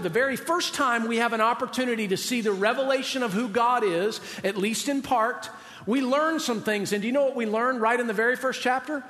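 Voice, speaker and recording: A man's voice: extremely high pitch, pushed and bright, big-room sound. A man preaching a sermon in a conversational way, often asking the audience questions. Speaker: pastor.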